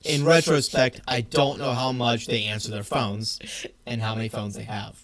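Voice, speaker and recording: A man co-hosting a podcast, recounting a news story in a casual, animated way and laughing often. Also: mid-range voice, normal speed. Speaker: podcast co-host.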